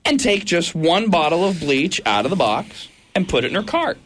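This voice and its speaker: A male radio show host telling a story on air in an animated, incredulous way. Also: on the high side, moderate pace, a little hiss or hum.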